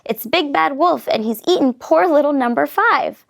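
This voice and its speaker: A shrill, flustered mother duck from a storybook, as a woman puts her on. Her voice is high with a gravelly edge, protective and fussy. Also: expressive, normal speed.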